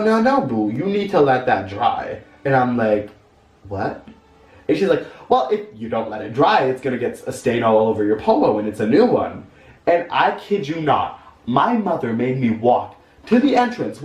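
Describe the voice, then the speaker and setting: A young man telling a dramatic, campy story from his childhood in a storytime vlog. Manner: campy, dramatic, swings into high-pitched voices. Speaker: vlogger. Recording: echoey room, far from the mic, music underneath.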